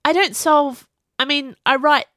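A woman's voice: high-pitched, steady tone, measured pace, fairly bright tone, no room sound, voice pushed up. A woman voicing a wry, reluctant young man who grumbles his lines, recorded on a close mic. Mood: grumbling. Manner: grumbling, dry.

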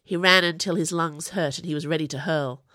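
A woman narrating an audiobook in an expressive reading voice. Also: low voice, a little fast, no room sound, clean studio sound.

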